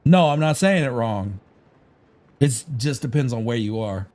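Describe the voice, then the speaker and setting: A man's voice: mid-range voice, expressive, moderate pace, darkish tone. A man from Chicago chatting casually on a gaming livestream, rambling, opinionated and swearing freely. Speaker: gaming streamer.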